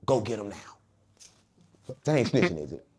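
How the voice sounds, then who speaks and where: A man's voice: lowish voice, a little slow, a crowd in the background. A man telling a story as an interview guest, joking and mimicking the people in it. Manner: animated, joking, mimics others. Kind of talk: casual storytelling.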